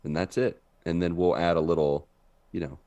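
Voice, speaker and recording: A man co-hosting a podcast, telling an animated story in casual chat and laughing often. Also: low voice, normal speed. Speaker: podcast co-host. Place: living in Brazil.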